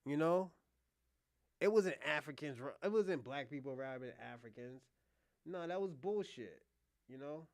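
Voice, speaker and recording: A man from the United States hosting a livestream, giving blunt, profane casual commentary and talking back to his chat in loud bursts. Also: fairly high pitch, lively intonation, measured pace, pauses often, no room sound, clean studio sound. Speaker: livestream host.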